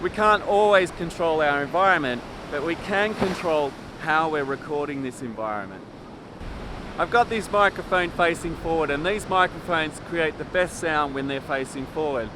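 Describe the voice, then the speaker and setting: A man's voice: on the high side, moderate pace, background noise. A man explaining filmmaking to camera in an upbeat, conversational teaching style, recorded on a lapel mic. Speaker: filmmaking tutor. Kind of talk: instructional video talk to camera.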